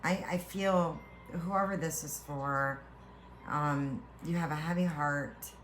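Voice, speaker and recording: Slow, earnest woman giving a spiritual reading. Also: deep voice, steady tone, fairly bright tone, a little hiss or hum. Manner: earnest, heartfelt, reassuring; halting with repeated restarts. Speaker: tarot reader.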